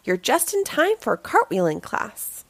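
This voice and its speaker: A cheerful male clown from a children's storybook greets his neighbors in an upbeat, welcoming way, as a woman reader puts him on. The voice is fairly high and bouncy, with lots of rise and fall. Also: big pitch swings, a little slow, vocal fry, slightly rough, no room sound, exaggerated voice. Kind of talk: storybook read-aloud.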